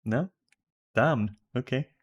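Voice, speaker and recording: A man's voice: mid-range voice, takes it slowly, breathy edge, lo-fi sound. A man with a Greek accent chatting casually with viewers while streaming a game from home, rambling and swearing casually. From Greece.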